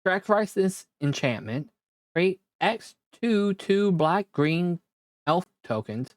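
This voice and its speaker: Slow, halting man reading cards aloud. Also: high voice, very animated, no echo. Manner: reads card text aloud haltingly, with quick reactions. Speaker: card opening creator. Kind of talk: casual card-pack opening commentary. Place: own room at home.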